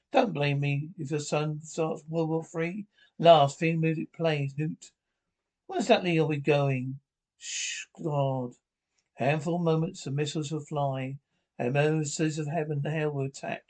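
Brief: male reader of an audio-described drama, pitch a touch high, reads the character lines and the stage cues alike. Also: rough recording. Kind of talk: reading an audio-described drama with all the voices.

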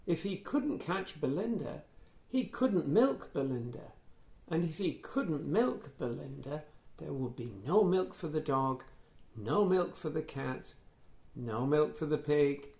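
A man reading a children's picture book aloud in a playful, animated way, with gasps and asides to the listener. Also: a little high, takes it slowly, vocal fry. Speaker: children's storyteller. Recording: echoey room.

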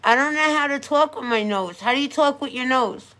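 A woman's voice: sits high, fairly quick, bright, forceful tone. A middle-aged woman chatting casually with viewers on a live stream as she does her makeup, giggling and talking to her audience as she goes. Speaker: makeup vlogger.

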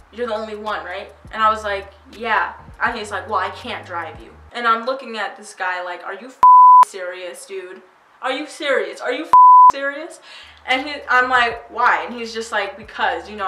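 Bright-voiced teenage girl in an echoey room. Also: medium pitch. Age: teens. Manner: chatty, animated retelling with quoted voices. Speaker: vlogger. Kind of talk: casual storytelling vlog. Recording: echoey room, mic at a distance, faint music.

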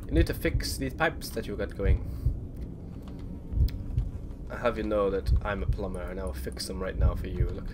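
A man's voice: low voice, normal speed, long pauses. Jumpy young man swearing through a horror game. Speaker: gamer playing a horror game. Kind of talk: let's play commentary. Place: bedroom at home. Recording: clear background game noise.

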